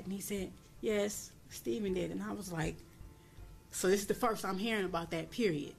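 Woman on the stand in court, blunt and profane, mid-pitched, voice rising on quoted lines. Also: normal speed, creaky, faint music behind. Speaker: defendant at a plea hearing. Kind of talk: emotional courtroom testimony.

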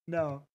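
Slow, unhurried livestreamer reading chat. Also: high voice, vocal fry, pushed and bright. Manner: reads chat aloud and greets viewers between musings; amused, drawn-out repeats of words.

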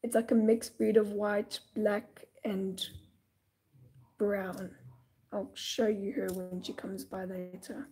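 Breathy teen girl chatting on a live stream. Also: mid-range voice, little pitch movement, slow, dark tone. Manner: chatty, dramatic, drifting into whispers. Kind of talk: casual live-stream chat while coloring.

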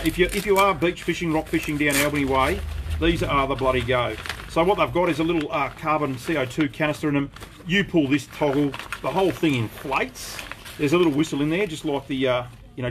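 A man's voice: fairly high pitch, a bit bright, slight background noise. An Australian man hosting a casual live stream from his shop, chatty and laid-back, greeting viewers by name as he talks. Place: inside his outdoor shop.

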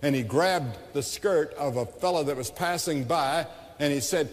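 A man's voice: fairly high pitch, moderate pace. A man, preaching a revival sermon with impassioned, dramatic storytelling that acts out the characters. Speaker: evangelist preacher. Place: large indoor arena. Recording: echoey 1989 arena sermon recording.

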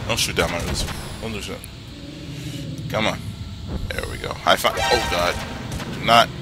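A young man giving excitable, profane commentary while playing a video game, talking back to the characters on screen. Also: low voice, measured pace. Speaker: gameplay commentator. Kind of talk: let's-play commentary. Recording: game music behind voice.

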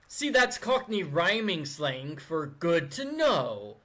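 Slow-talking man doing casual game commentary. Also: a little high, big pitch swings, fairly bright tone. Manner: chatty, joking, drawn-out delivery. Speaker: let's play commentator.

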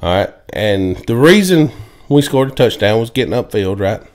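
A man's voice: lowish voice, expressive, darkish tone. A man hosting a casual football chat, laughing often and telling stories. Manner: laid-back, laughs often, drawn-out stories. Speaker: podcast co-host. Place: home, indoors.

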